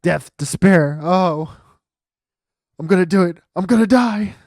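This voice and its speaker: A man's voice: medium pitch, normal speed, darkish tone, no echo, clean studio sound, lightly acted. A man voicing a panicky, melodramatic young man who wails in despair.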